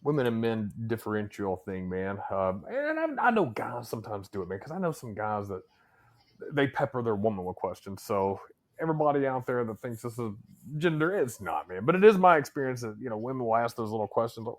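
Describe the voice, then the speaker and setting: A man's voice: medium pitch, sing-song, brisk. Laid-back man saying "man" a lot. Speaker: podcast co-host. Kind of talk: casual podcast chat.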